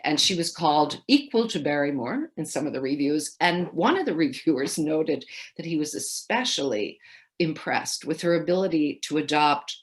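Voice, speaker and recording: A woman in her seventies giving a keynote speech, telling amused anecdotes and quoting people with lively shifts of voice. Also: low voice, moderate pace. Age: 70s. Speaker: keynote speaker. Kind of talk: storytelling speech. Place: home, recorded for a virtual festival.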